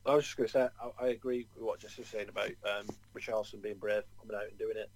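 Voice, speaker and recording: A man's voice: fairly low pitch, fairly even intonation, fast, poor audio. A man co-hosting a football podcast, talking in a loose, chatty way full of "you know" asides. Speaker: podcast co-host. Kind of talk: casual chat.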